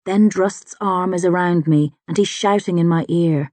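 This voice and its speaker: A woman narrating a fantasy audiobook in the first person, with a measured, dramatic delivery. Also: fairly low pitch, darkish tone, dry recording.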